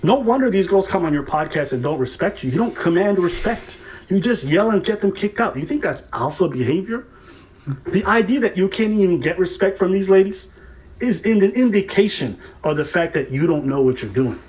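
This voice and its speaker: A man's voice: high voice, fairly quick, slight background noise. A man co-hosting a reaction show, mocking and swearing as he gives heated commentary. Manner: animated, mocking, profane, laughs at his targets.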